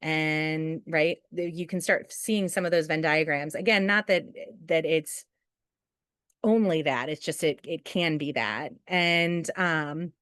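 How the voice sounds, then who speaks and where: A woman with a lowish voice runs a chatty training session for school staff. She often checks in with a quick "right?" and acts out what people say. The sound is dry and close, with no room echo. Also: fairly bright tone, clean tone. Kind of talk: conversational webinar training talk.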